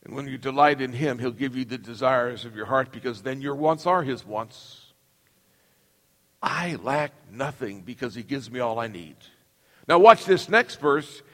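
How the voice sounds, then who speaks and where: A middle-aged man gives an emphatic sermon as pastor, asking his congregation to repeat lines after him. His mid-range, slightly bright voice has lively intonation and an unhurried pace, recorded with the long reverb of a large hall.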